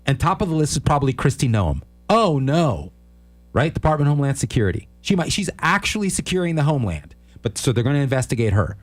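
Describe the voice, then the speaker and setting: A man's voice: medium pitch, very animated, rapid-fire, few pauses, dry recording. A man co-hosting a political talk show, speaking in a sarcastic, emphatic way and repeating his pleas for effect. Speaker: co-host.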